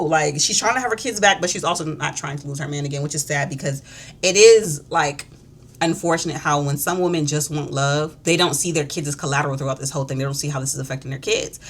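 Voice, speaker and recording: A woman's voice: low-pitched, a little fast, fairly bright tone. A woman chatting casually and gossipily while doing her makeup, in slang, acting out the characters' quoted lines. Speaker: beauty vlogger. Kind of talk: casual chat recapping a show.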